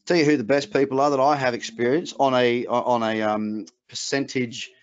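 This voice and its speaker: A man's voice: medium pitch, fairly even intonation, normal speed. A middle-aged man with an Australian accent carrying a trace of English, giving an emphatic, motivational webinar talk as a trading coach with chatty asides. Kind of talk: webinar presentation. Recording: muffled lo-fi webinar audio.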